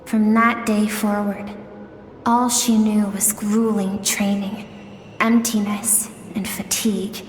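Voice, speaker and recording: A woman voicing a gentle female storyteller who recounts memories in slow, measured, wistful narration for a game cutscene. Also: mid-range voice, flat delivery, natural voice. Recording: echoey hall sound over game music. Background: music.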